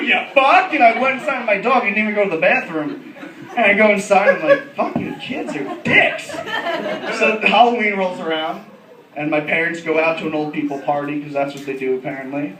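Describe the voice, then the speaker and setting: A man doing a stand-up comedy set, brash and profane, laughing through his lines. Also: sits high. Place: comedy club. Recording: echoey club, distant mic, loud crowd.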